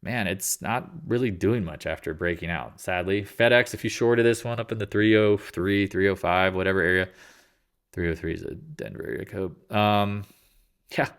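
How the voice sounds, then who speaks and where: Male host, lowish voice, casual market-commentary read with goofy slang asides. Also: steady tone, fairly bright tone, clean tone. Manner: loose, jokey, slangy, tosses in silly voices; talks in quick asides and restarts. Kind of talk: casual market recap over charts.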